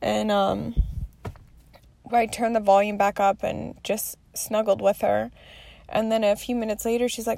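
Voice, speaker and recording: A woman's voice: mid-range voice, little pitch movement, a little slow, creaky, a little mellow, no room sound. A woman in her thirties talking candidly through her day in a rambling, confessional vlog, swearing freely. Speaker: mother sharing her day.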